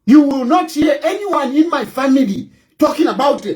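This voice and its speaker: A middle-aged man with a Zambian accent, delivering a fervent political commentary, repeating himself and often raising his voice to a shout. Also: very high voice, lively intonation, normal speed. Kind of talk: impassioned monologue.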